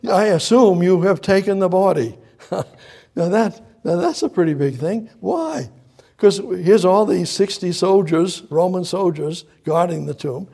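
A man preaching a sermon at a slow, deliberate pace, his voice gravelly with fry. He retells scripture dramatically and circles back on his own phrases, mixing in old-style Bible quotes. The voice sits a little high for a man. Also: a little mellow. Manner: dramatic, retells scripture vividly, repeats himself, King James quotes.

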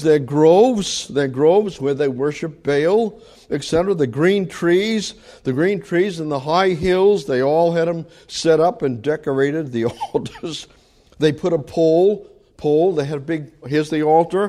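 A man giving a verse-by-verse Bible lesson, reading scripture slowly and then explaining it in plain, conversational words, often repeating his phrases. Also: fairly high pitch, warm tone. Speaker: Bible teacher.

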